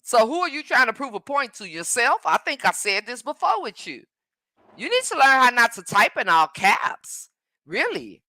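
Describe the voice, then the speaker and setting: Sassy woman live-streamer with a bright voice. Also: on the high side, big pitch swings, no room sound. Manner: sassy and combative, with drawn-out mm-mms and terms like baby and honey. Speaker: live-stream host reading viewer comments. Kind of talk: casual live-stream chat.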